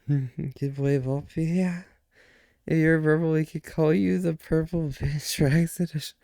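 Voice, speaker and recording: A man's voice: a little high, steady tone, slow, creaky, warm tone, no room sound, clean studio sound. A man hosting a live stream in a casual, playful and flirty way, laughing often and stammering through restarts. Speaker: livestream host.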